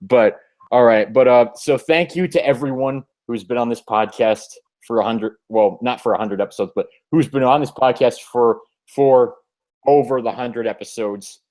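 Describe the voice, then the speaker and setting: A man's voice: medium pitch, moderate pace, a little mellow. A man hosts a casual podcast, rambling along in a mid-range voice. He stops and restarts often and pokes fun at himself. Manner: rambling, self-deprecating, hesitant with many restarts. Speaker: podcast host.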